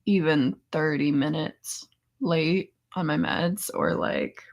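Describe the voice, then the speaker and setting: Young woman, worn out and half-whispering, slow and gravelly in a casual live chat. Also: low-pitched. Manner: soft, half-whispered and emotional, laughing often. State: worn out after a seizure. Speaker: vlogger hosting a live chat.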